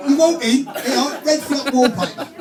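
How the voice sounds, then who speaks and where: A man's voice: very high voice, moderate pace. A man in his forties with an English accent, doing a crude, blokey stand-up routine to a live audience. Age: 40s. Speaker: stand-up comedian. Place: club stage before a live audience. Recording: echoey club with music and crowd.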